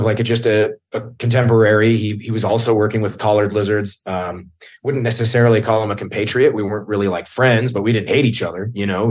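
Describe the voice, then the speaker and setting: A man in casual podcast talk, blunt and swearing, who gets heated when he acts out what he said back then. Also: on the low side. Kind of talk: casual chat.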